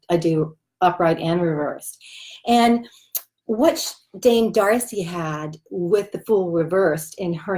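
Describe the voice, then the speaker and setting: A woman with a lowish, slightly mellow voice chats casually as a tarot reader, showing off a deck of cards. Her talk is loose and packed with fillers.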